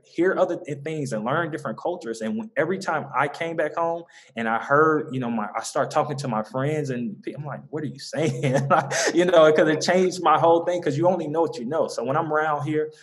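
A man's voice: fairly high pitch, a little fast, few pauses. Earnest young man with a Southern accent. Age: young adult. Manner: earnest, many fillers and restarts, laughs easily. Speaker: guest, mentoring organization founder. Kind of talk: conversational interview.

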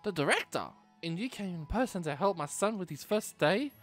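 A man's voice: high voice, expressive, a little fast, a bit bright, faint music behind, voice pushed up. A man reading aloud the lines of a cheerful, caring mother in a video game, in a chatty, slightly fussy way.

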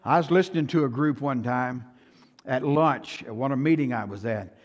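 An older man with a Texan accent preaching a sermon as pastor, swinging from hushed to loud and often repeating himself. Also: medium pitch, moderate pace. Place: church sanctuary. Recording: long church hall reverb.

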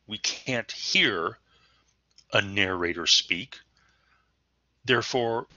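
A man with a low, very bright and forceful voice gives a recorded lesson in a relaxed, chatty way, slipping in fillers and playful spoken examples. The recording is dry and a little dull, with no room sound. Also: dry recording. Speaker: teacher. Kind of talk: recorded lecture.

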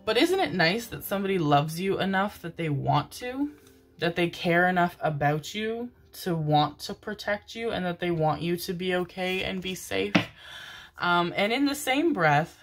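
A woman's voice: on the low side, lively intonation, moderate pace, soft background music. A woman giving a casual tarot reading, chatty and affectionate, swearing freely as she goes. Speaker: tarot reader.

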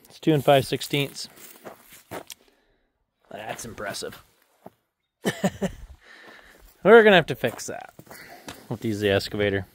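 A man's voice: mid-range voice, big pitch swings, measured pace, long pauses, noisy background. A man casually narrating an equipment dealer's vlog, chatty and self-joking, thinking aloud as he works around a yard and shop.

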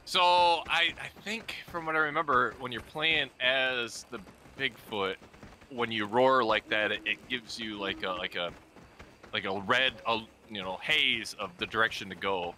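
A man's voice: medium pitch, a little slow, pushed and bright, a little hiss or hum. A man chatting casually during a co-op game, joking and chuckling, rambling with fillers. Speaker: gamer in a co-op session. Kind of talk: casual gameplay chat.

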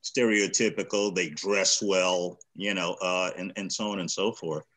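A man's voice: low voice, steady tone, measured pace, fairly bright tone, low-quality recording. A man presenting a discussion series, talking in a thoughtful, hesitant way with restarts over a video call. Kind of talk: casual group discussion.

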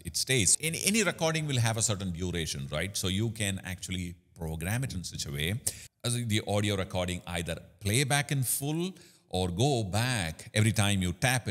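A man's voice: sits low, a bit bright. A man hosting a product demo tutorial, explaining features with many fillers. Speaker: host. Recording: room with long reverb.

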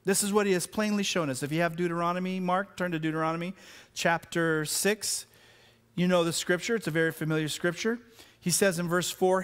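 A man, a pastor and parent, preaching an animated sermon that swings between loud exclamations and quiet, slowed emphasis, often repeating his words. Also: high voice. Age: adult with children.

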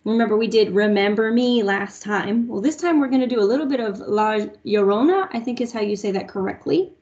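A young woman teaches music online to small children, patiently singing short lines for them to echo back. Her voice is a little high, somewhat mellow, and fairly quick. The class audio is lo-fi.

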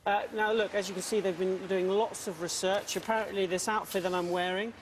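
A man's voice: high-pitched, steady tone, brisk, a little hiss or hum. A young man presenting a live breakfast TV sports bulletin, self-mocking and chatty, a little out of breath.

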